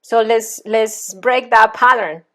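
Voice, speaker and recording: Brief: woman parenting coach, slightly high voice, gentle and reassuring. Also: slow. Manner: warm, reassuring, guiding. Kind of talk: coaching session.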